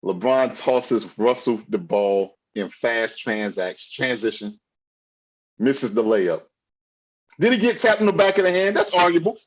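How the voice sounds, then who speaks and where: A man co-hosting a sports podcast, ranting heatedly and often yelling. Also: medium pitch, expressive, a little slow, dull audio. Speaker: podcast co-host.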